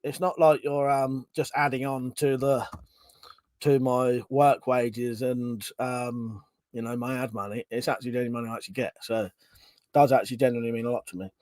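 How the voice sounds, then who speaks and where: A man's voice: medium pitch, fairly even intonation, fairly quick, a little mellow, no room sound. A man hosting a livestream, chatting casually and reading viewer comments aloud, laughing often and swearing freely. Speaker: livestream host.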